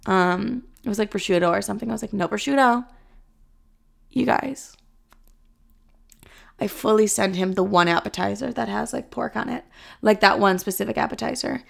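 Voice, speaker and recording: A young adult woman telling a casual story about working as a server, animated, filling her speech with "like" and casual swearing. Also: medium pitch, brisk, creaky. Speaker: vlogger recounting past server job.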